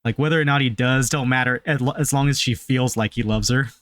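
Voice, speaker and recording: A man's voice: mid-range voice, quick pace, dry recording. A man co-hosting a podcast, casually reviewing a film and acting out lines from its scenes. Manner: animated retelling, acts out quotes from scenes. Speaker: podcast co-host. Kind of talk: casual movie review chat.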